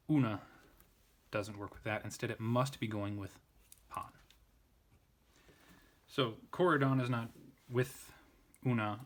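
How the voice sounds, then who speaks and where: Man, lowish voice, casual grammar walkthrough, self-correcting, halting. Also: a bit bright. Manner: thinks aloud, restarts and self-corrects. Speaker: Latin tutor. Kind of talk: informal grammar lesson.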